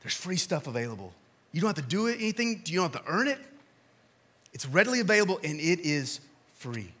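A male pastor preaching a sermon in a church, telling stories with big swings from shouting to quiet appeals. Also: fairly high pitch, sing-song, fairly quick, breathy edge.

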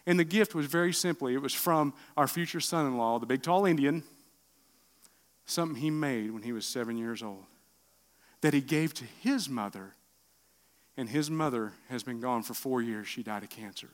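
A middle-aged man preaching a sermon, asking the room questions and swinging from loud bursts to hushed lines. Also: medium pitch, normal speed. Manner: animated preaching with rhetorical questions and sudden drops to quiet. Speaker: pastor.

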